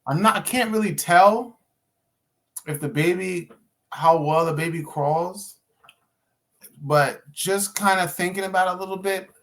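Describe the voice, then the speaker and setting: A man's voice: high-pitched, measured pace, pauses often, a bit bright. Hesitant man thinking aloud. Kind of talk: casual chat.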